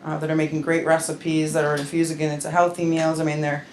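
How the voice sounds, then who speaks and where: A woman's voice: deep voice, little pitch movement, quick pace, darkish tone, slight background noise. A woman speaking as a patient advocate at a seminar, chatty and frank with joking asides. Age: adult with a grown-up mother. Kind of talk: casual seminar talk. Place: seminar room at a wellness center. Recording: echoey room with faint ambience.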